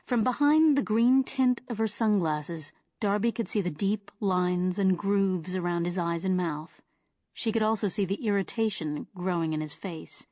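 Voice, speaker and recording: A woman narrating a thriller audiobook in a steady, measured storytelling way. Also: medium pitch, no room sound, muffled recording. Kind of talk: scripted narration.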